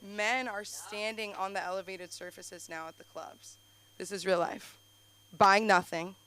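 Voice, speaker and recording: A woman's voice: mid-range voice, fairly even intonation, unhurried, bright, forceful tone, no room sound. A woman doing open-mic stand-up comedy on a club stage, talking into a handheld mic and rambling through her stories with lots of "like" fillers. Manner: rambling, breathless storytelling full of "like" fillers. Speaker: stand-up comic. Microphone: handheld stage microphone.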